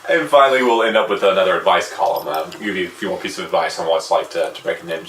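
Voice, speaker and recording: A man hosting a casual podcast, talking in a lively way and laughing often. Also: low voice, recorded from a distance. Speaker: podcast host. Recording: roomy echo, off-mic, faint noise.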